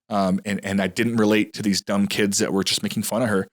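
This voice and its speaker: Male podcast guest, low-pitched, rapid earnest storyteller, dry close sound. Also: little pitch movement, dry recording. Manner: earnest, rambling, with frequent restarts. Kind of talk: casual podcast conversation.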